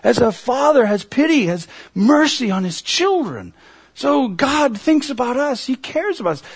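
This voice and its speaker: A middle-aged man preaching a sermon, earnest and emotional, his voice climbing toward a near shout at the high points. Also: sing-song, unhurried, breathy edge. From United States. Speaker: pastor.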